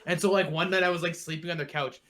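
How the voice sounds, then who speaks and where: Bright-voiced young man telling a story. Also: fairly high pitch, quick pace. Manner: animated, acts out quotes, swears freely. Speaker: podcast co-host. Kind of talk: casual storytelling.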